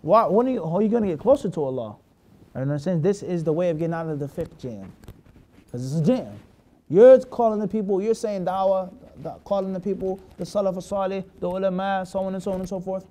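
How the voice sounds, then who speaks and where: In a quick, mellow, high voice, an Islamic teacher leads his class through hadith. He peppers his English with Arabic terms and frequently halts to confirm understanding through rhetorical questions.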